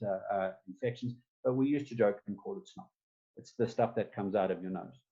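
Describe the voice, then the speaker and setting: A man's voice: medium pitch, warm tone, muffled recording. A man giving a conversational online talk, often repeating words as he thinks. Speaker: speaker giving a stress management talk. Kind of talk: webinar presentation. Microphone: computer mic on a video call.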